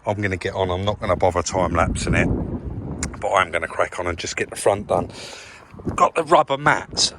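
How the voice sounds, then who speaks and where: A man's voice: fairly low pitch, noisy background. Chatty man in a garage workshop. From England. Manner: chatty, relaxed, says "crack on" and "guys" often. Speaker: car rebuild vlogger. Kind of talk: casual walkthrough talking to camera.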